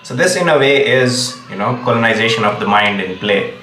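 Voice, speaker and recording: A man's voice: on the low side, animated, fairly quick, bright, forceful tone, slight background noise. Indian man ranting in an echoey room. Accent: Indian English. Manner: emphatic, repeats "okay?" to press points. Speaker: commentator. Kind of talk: solo opinion monologue.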